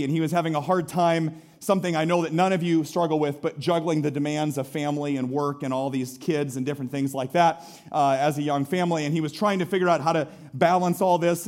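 Pastor, male, fairly high voice, dynamic delivery that swings from loud emphasis to hushed, slow phrases. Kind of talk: sermon.

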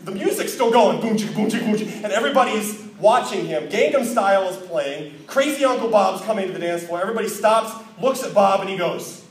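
High-voiced pastor preaching in a roomy hall. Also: male voice, quick pace, few pauses. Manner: animated storyteller, quiet earnest close. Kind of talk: sermon storytelling. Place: church sanctuary. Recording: roomy distant church recording.

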